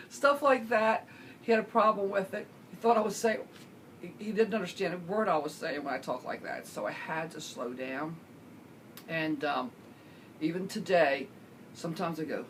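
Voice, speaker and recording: A middle-aged woman vlogger answers viewer questions in a casual, rambling chat full of fillers, clearing her throat now and then. Her pitch is fairly low, her speed normal, and there's a little hiss or hum.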